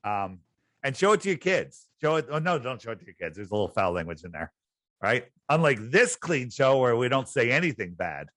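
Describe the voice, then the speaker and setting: A man's voice: medium pitch, very animated, a little fast, fairly bright tone, no room sound. A man hosting a podcast chat, talking in an emphatic, incredulous and sarcastic way. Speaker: host.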